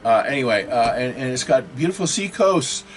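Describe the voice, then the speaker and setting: A man talks off the cuff in his own video, rambling and steering everything through rhetorical questions. He stumbles over words and keeps correcting himself mid-sentence, with soft guitar music drifting underneath. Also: mid-range voice, animated, moderate pace. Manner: many fillers and self-corrections. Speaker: video host. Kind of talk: unscripted political and religious monologue.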